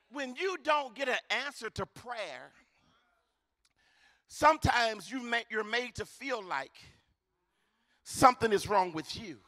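Pastor guy preaching, real high voice, bright and punchy, hollers a lot and gets the crowd to answer back. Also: dry recording. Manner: impassioned preaching with frequent shouted lines; calls on the congregation for responses. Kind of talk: sermon.

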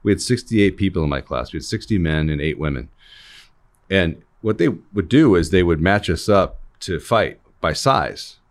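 A man's voice: deep voice, lively intonation, normal speed. A middle-aged man co-hosting a casual talk, making blunt arguments and telling personal stories. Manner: argumentative, tells personal anecdotes. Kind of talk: casual conversation.

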